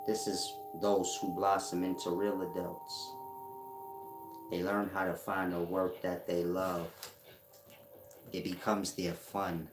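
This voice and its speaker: Low-voiced boastful man lecturing in an echoey room. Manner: boastful, lecturing, slangy, laughs between points. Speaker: spiritual teacher. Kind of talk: casual monologue to viewers. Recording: echoey room with faint ambience.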